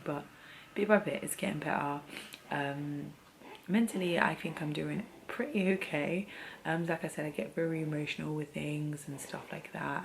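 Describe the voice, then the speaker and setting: A woman's voice: sits low, vocal fry, a little hiss or hum, poor audio. A young woman vlogging candidly and heartfelt about life after having a baby, rambling and getting teary as she talks. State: teary, emotional. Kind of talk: candid personal vlog.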